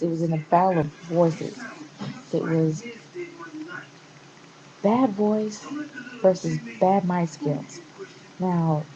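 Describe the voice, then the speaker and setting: A woman vlogger rants to camera with passion and exasperation, rambling and restarting as she goes. Her voice sits on the low side and sounds dull and lo-fi. Steady background noise runs under the whole recording. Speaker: wrestling vlogger. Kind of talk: casual opinion rant to camera.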